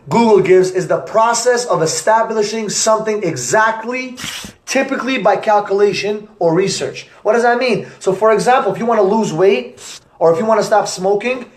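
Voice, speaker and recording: A young man, an entrepreneur, giving an energetic motivational talk to camera with repetitive, punchy phrasing. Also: high-pitched. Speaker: entrepreneur vlogger. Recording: echoey room.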